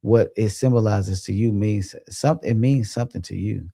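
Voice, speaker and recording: A man's voice: lowish voice, normal speed, gravelly, warm tone, husky, no echo, clean studio sound. A young man hosting a livestream, chatting casually and reading out viewer comments in a laid-back, rambling way, laughing often. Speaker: livestream host.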